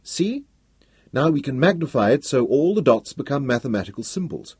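Kindly awkward old scientist guy, read by a man, soft and a bit unsure, lively pitch. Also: normal speed, breathy edge, dry recording. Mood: gentle. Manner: soft-spoken, kindly, hesitant. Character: gentle, awkward older male scientist.

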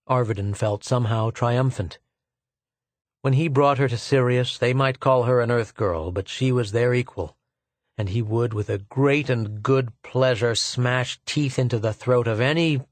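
A man's voice: mid-range voice, normal speed, dry recording. Man narrating an audiobook, dry sound. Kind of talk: scripted narration.

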